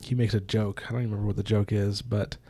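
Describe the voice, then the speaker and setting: A man's voice: on the low side, flat delivery, fast, dark tone, husky. A man co-hosting a book podcast, casually retelling the plot and acting out what the characters say. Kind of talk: casual chat.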